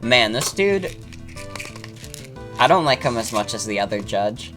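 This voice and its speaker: A woman's voice: very deep voice, big pitch swings, measured pace, music in the background. A woman streamer making casual, joking asides while playing a game. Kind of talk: casual gameplay commentary.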